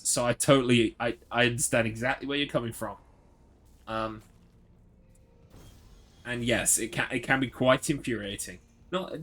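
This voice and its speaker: A man's voice: mid-range voice, a bit bright. Rambling man streaming games. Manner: rambling, swears freely, chatty asides. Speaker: streamer playing a horror game. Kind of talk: casual live gameplay chat.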